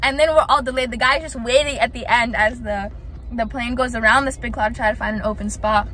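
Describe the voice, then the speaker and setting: A woman in her twenties, hoarse from screaming, chatting excitedly in a casual vlog and laughing between thoughts. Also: a little high, fairly quick. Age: 20s. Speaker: vlogger.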